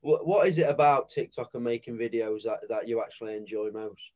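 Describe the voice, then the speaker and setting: A man's voice: medium pitch, a little fast, a little mellow, highs cut off. A young man hosting an interview, asking questions hesitantly and often stumbling and restarting his words. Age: young adult. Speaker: interview host.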